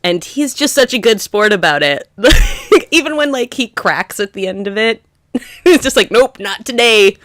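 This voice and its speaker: A woman co-hosting a podcast in casual chat, talking fast and loose with many fillers and frequent laughs. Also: medium pitch, expressive, fairly bright tone, no echo. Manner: chatty, lots of "like" fillers, laughs often. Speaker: podcast co-host.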